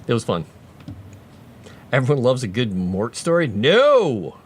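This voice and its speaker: A man's voice: medium pitch, moderate pace, darkish tone, husky. A man casually chatting with his livestream viewers, rambling through tangents while working on his lore writing.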